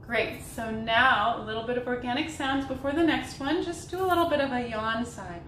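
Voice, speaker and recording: Voice teacher, young woman, slightly high voice, unhurried and gentle; roomy sound, piano behind. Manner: slow, gentle guiding talk with sung demonstrations. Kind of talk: vocal warm-up instruction.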